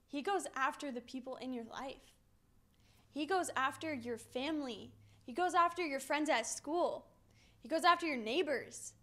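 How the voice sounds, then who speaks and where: A young woman giving a children's message, telling stories to kids in an animated, playful way. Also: sits high. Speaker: children's minister.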